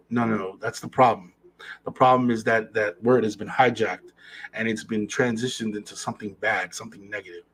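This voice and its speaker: Husky-voiced man musing earnestly. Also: on the low side, poor audio. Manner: earnest, repeats phrases for emphasis. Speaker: podcast host. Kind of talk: casual monologue.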